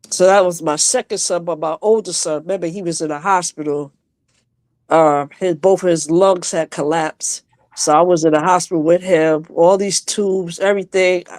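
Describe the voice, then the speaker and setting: A woman on a video call from home, a guest telling an emotional personal story on a live stream, halting and restarting as she speaks. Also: lowish voice, a little mellow, dry recording.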